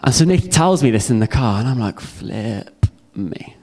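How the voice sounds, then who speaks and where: A man's voice: mid-range voice, expressive, quick pace, mellow, slightly rough. A young man giving a heartfelt personal testimony sermon to a youth audience. He speaks earnestly and repeats phrases for emphasis.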